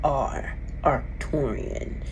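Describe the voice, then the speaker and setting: A woman voicing an alien being in a slow, measured whisper, in a whispered role-play. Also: a bass voice, darkish tone, slight background noise, pitched below the performer's own voice, exaggerated voice. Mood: solemn.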